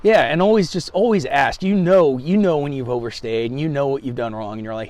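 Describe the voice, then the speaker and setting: A man's voice: mid-range voice, fairly quick, few pauses, a little mellow, no room sound. A man as an interview guest, telling travel stories loosely with hedges and restarts. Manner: loose storytelling, hedging, many restarts. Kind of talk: casual chat.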